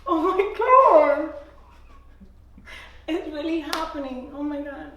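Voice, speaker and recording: A woman's voice: high voice, lively intonation, takes it slowly, a bit bright, highs cut off, slight background noise. A woman reacting to being proposed to, laughing, gushing and repeating herself in disbelief. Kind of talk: emotional unscripted reaction. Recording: echoey room, voice from a distance.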